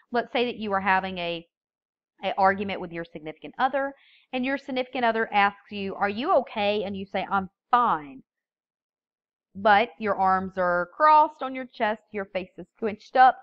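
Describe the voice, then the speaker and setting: A woman teaching a recorded public speaking lecture, explaining terms in a steady, explanatory way. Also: mid-range voice, no room sound, muffled recording. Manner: explanatory, steady teaching delivery with occasional restarts.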